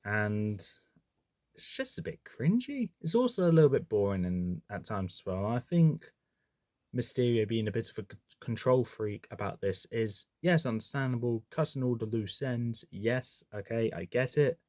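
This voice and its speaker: A man's voice: medium pitch, expressive, moderate pace, a little mellow, no room sound. A man in a middle register chats through his film ranking in a loose, opinionated way. He trips over words and corrects himself as he goes, and the sound is close and dry with no room around it. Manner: chatty, opinionated, self-correcting with frequent restarts. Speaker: movie reviewer. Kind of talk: casual movie ranking commentary.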